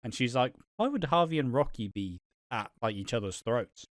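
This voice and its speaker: A man's voice: mid-range voice, expressive, moderate pace, no echo. Young man, podcast co-host, swears a lot, acts out characters' lines, dry close sound. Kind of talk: casual recap chat.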